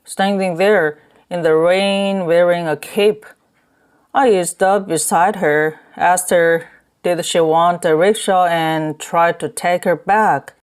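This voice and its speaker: A woman's voice: on the low side, steady tone, takes it slowly, clean tone. A woman reading an audiobook, voicing a drunk middle-aged rickshaw man who bellows and blusters between rage and grief. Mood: boisterous boasting.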